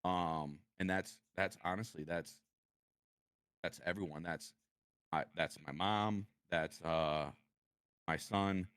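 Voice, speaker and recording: A man with a very deep voice speaks as a podcast guest, starting and restarting his sentences as he talks about his past. The sound is close and dry, with no room around it. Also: steady tone, a bit bright, clean tone, dry recording. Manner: halting, repeats words, opens up about hard past. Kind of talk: personal interview conversation.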